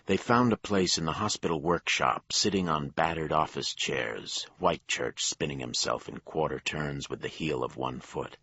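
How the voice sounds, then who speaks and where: A man narrating a crime thriller audiobook in a measured storytelling manner. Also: very deep voice, pushed and bright, husky, lo-fi sound. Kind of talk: scripted narration.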